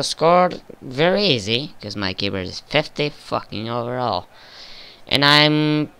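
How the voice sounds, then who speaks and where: A young man giving casual, profane commentary over a football video game he is playing, flaring up in frustration and excitement. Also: medium pitch, clean tone. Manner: swears often, flares up with frustration and excitement. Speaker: gaming video creator.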